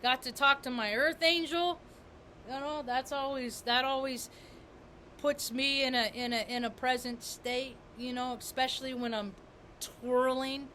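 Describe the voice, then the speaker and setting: A woman's voice: sits high, steady tone, unhurried, sharp tone, a little hiss or hum. A woman vlogger talking in a rambling spiritual monologue, repeating and restarting her words with emphasis.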